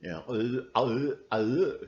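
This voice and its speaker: Slow-talking, sardonic man ranting off the cuff; lively pitch swings; dull lo-fi recording. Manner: rambling, sardonic, restarts often. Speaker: video blogger. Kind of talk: ranting monologue.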